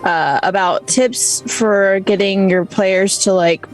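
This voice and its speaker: A woman's voice: medium pitch, slow, faint music behind, poor audio. Chatty woman thinking aloud on stream. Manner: thinks aloud, many "like" and "you know" fillers. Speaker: co-host and role player. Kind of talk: casual live-stream chat.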